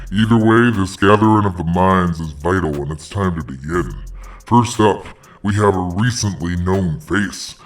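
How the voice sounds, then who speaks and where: A man's voice: low voice, far from the mic. A man hosting a parody hotline, talking in slangy, mock-preachy street lingo. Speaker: host.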